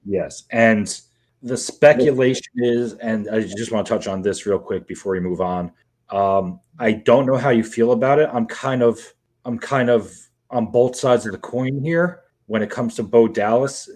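A man with a lowish, somewhat mellow voice co-hosts a podcast, chatting casually in a rambling, emotional way and swearing freely.

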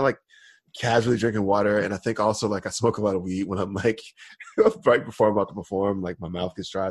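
A man's voice: lowish voice, husky, no echo. A man co-hosting a podcast, telling a rambling story in casual chat with lots of fillers and laughter. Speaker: podcast co-host.

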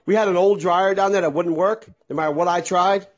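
Man, middle-aged, husky, fairly high voice, casual exasperated rant. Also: brisk, highs cut off. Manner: animated, swearing, exasperated. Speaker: vlogger.

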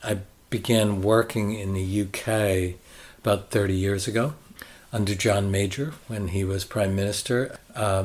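An older man with a Boston American accent, a consultant guest talking in a relaxed, reflective and halting way. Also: on the low side. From United States. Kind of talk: conversational interview.

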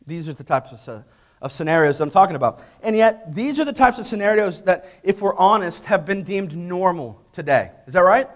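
A man preaching a sermon, telling a lively story and acting out family dialogue, then asking the congregation direct questions. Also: sits high, fairly quick. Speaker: pastor.

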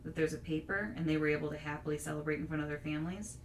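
A woman hosts a casual podcast chat in a low-pitched, fairly even voice, talking very fast and padding her points with many "you know"s while thinking aloud. It's recorded through a distant mic in an echoey room with faint hiss.

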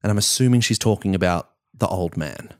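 A man with a fairly low voice chats casually on a podcast, telling a TV episode in lively fashion. He jokes around and acts out lines of dialogue as he goes. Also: a little fast, gravelly, smooth. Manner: animated, joking, acts out quotes. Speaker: podcast co-host. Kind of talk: casual chat recapping a TV show.

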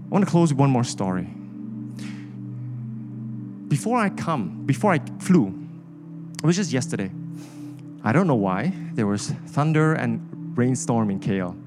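A man's voice: medium pitch, big pitch swings, normal speed, pauses often, music in the background. A man, preaching a sermon with an impassioned, repetitive cadence. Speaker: pastor.

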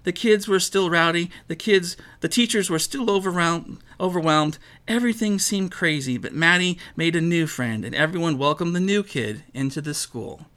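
A man reading a children's story aloud, acting out each character with an animated delivery. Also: a little high, moderate pace, few pauses.

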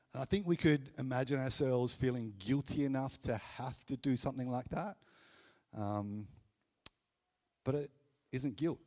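A man with an Australian accent preaching a sermon at a Sunday church gathering, conversational and animated, with playful asides. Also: mid-range voice. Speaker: pastor.

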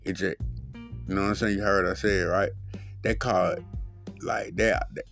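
A man's voice: low voice, steady tone, normal speed, a bit bright, soft background music. A man hosting his own solo podcast, talking in a profane, rambling, loose way with lots of fillers. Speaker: podcast host.

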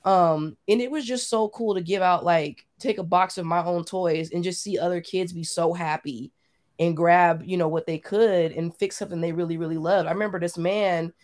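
A woman's voice: lowish voice, steady tone, moderate pace, a little mellow. A woman co-hosting a podcast, telling a heartfelt personal story in casual chat, saying "like" often. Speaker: podcast co-host.

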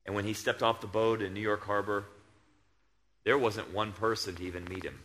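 A middle-aged man preaching a sermon, moving between loud, excited storytelling and quiet, hushed intensity. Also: on the low side, brisk, a little hiss or hum.

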